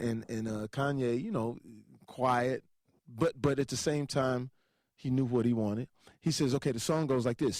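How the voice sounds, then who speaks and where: A man telling an animated anecdote, laughing often and acting out other people's voices as he goes. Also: mid-range voice, dry recording. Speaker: entertainer telling a story. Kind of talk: animated anecdote with acted-out quotes.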